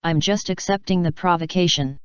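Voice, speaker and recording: A woman voicing a gruff, curt young male swordsman. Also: fairly low pitch, a little fast, no echo, lightly acted. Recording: dry, slightly dull recording.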